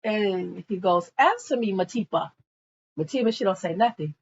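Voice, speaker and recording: A woman's voice: mid-range voice, expressive, normal speed, dull audio, slight background noise, close to an everyday voice. A woman voicing a jealous man who insistently demands answers. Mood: demanding.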